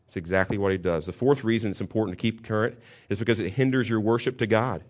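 A middle-aged pastor preaches a sermon and tells a story, shifting from calm teaching to loud bursts. He talks fast, and his voice sits on the low side.

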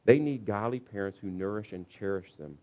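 A man preaching a conversational sermon on parenting as a pastor, animated, briefly acting out shouting parents. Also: on the low side, a little fast, dull audio.

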